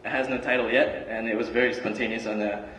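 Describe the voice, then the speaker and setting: A man's voice: medium pitch, fast, a little hiss or hum. Young guy chatting to a student crowd, loose and rambling, echoey hall, mic kinda far off. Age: young adult. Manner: relaxed, chatty, many fillers and restarts. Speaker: student speaker. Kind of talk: casual student talk and spoken word. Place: large hall. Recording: roomy hall recording from far off.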